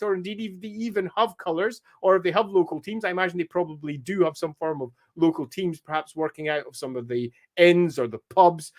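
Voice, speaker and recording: A man with a mixed Scottish accent hosting a live stream, thinking aloud as he works and answering viewer comments in a relaxed way. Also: high voice. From Scotland. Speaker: stream host and mapmaker. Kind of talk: live-stream commentary while drawing a map.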